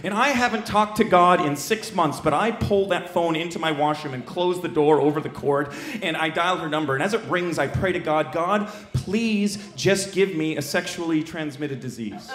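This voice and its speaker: A man doing stand-up comedy, telling a story in a brash, animated, self-mocking way. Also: a little high, fairly quick, echoey room.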